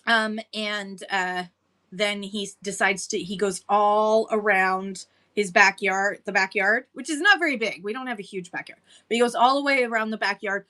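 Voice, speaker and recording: A woman's voice: mid-range voice, moderate pace, sharp tone. A woman hosting a casual livestream chat, chatty and laughing often as she greets viewers by name. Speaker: livestream seller host.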